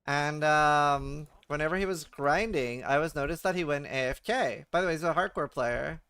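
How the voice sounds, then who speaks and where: A man's voice: fairly high pitch, moderate pace, bright, forceful tone, clear, resonant tone, no room sound. A man streaming a video game, chatting casually, muttering to himself, swearing and stammering. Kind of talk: casual livestream chat while gaming.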